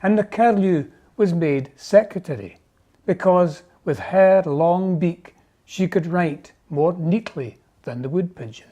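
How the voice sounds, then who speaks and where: A narrator reading a children's storybook aloud in a gentle, measured way. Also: mid-range voice.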